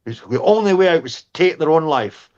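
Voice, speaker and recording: A man's voice: on the high side, lively intonation, fairly quick, darkish tone, highs cut off. A man in his sixties, a war veteran guest close to tears, speaking with passion about lost comrades. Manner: impassioned, choked up, dwelling on lost comrades. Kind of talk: emotional interview.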